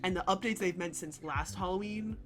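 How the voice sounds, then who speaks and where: A woman co-hosting a podcast, talking in an animated, chatty way with many fillers. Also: lowish voice, fairly quick, music in the background. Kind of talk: casual chat.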